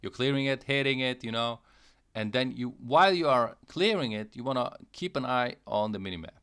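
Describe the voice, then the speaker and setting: A man's voice: mid-range voice, fairly quick, fairly bright tone, clean tone. A young man hosting a casual game tutorial, repeating himself, checking in with "okay" and "guys", and now and then making playful mouth sound effects. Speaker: gaming channel host.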